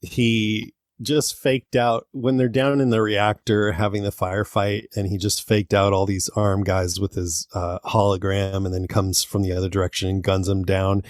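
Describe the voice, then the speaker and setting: Low-voiced man in casual podcast chat. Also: little pitch movement, normal speed, few pauses, no room sound, clean studio sound. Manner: laughs often while recounting movie scenes. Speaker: podcast co-host.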